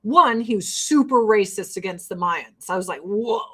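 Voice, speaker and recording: A woman's voice: medium pitch, animated, normal speed, sharp tone, slightly rough. A woman doing her makeup while ranting in a blunt, profane, fired-up way. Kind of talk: casual get-ready-with-me rant.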